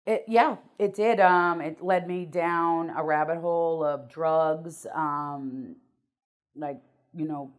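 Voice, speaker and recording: A woman's voice: low voice, slow. A middle-aged woman, a guest on an interview show, telling her life story bluntly and emotionally, with some swearing.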